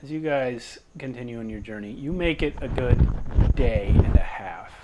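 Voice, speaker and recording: A man's voice: mid-range voice, normal speed, muffled recording, background noise. A man narrating a tabletop game as game master, describing scenes in an easygoing way.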